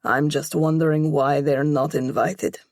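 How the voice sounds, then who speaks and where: A woman voicing a calm, commanding young crime lord who speaks in a low, dry, mocking way. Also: measured pace, dry recording.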